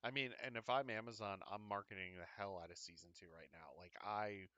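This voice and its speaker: A man hosting a live online show, chatting casually, enthusiastic and expressive, laughing often. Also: lowish voice, brisk, dull audio. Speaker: host. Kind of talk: casual chat.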